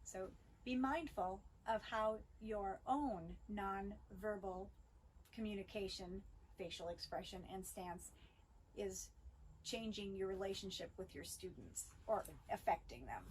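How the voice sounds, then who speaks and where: Woman explaining safety training, measured. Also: mid-range voice, slight background noise, low-quality recording. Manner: measured, instructional, occasional fillers. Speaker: school bus safety trainer. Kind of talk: training video presentation.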